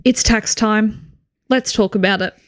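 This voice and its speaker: A young woman, co-hosting a podcast with quick, playful quips in casual chat. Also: mid-range voice. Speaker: podcast co-host.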